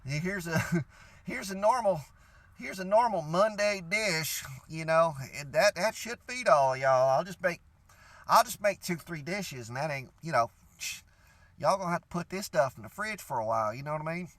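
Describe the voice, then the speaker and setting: A man's voice: on the high side, animated, moderate pace, a bit bright, dry recording. A young man from Louisiana with a Cajun accent, telling a rambling, profane story in a casual rant to his viewers. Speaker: vlogger.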